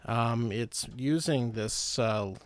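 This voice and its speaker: A man co-hosting a podcast at home, cracking jokes and drawing out his lines. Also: medium pitch. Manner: joking, drawn-out, silly asides. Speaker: podcast co-host. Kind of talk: casual chat.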